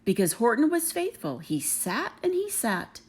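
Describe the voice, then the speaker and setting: A woman reading a rhyming children's picture book aloud, expressive and rhythmic. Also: fairly high pitch, unhurried, slightly rough. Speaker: reader.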